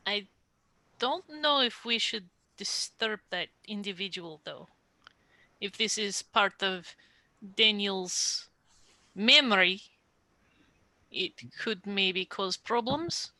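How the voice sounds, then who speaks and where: A woman takes part in a tabletop game, voicing her character in measured, formal sentences. She speaks slowly with a bright, forward tone. The recording is dry and close. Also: medium pitch, dry recording. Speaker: player. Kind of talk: tabletop role-play, in character.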